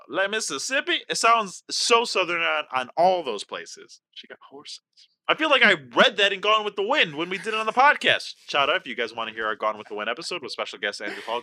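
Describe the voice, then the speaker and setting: A young man co-hosting a casual podcast, talking with lively, swooping pitch and a very bright, forceful voice. He is open and emotional, and the sound is dry and close. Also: dry recording. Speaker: podcast co-host.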